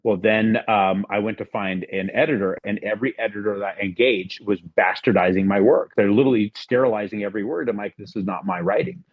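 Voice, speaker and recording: A middle-aged man talks quickly in a low, husky voice as a podcast guest. He rambles through his story and acts out what each person said. The sound is dry and a little dull. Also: fairly even intonation, no room sound. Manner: rambling, acts out quoted dialogue. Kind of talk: casual storytelling.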